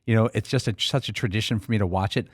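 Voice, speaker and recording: A man with a fairly low voice talks casually on a sports radio show, reminiscing about past drafts. His studio mic sounds dry and close. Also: quick pace, no room sound. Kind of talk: sports talk radio chat. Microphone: studio microphone.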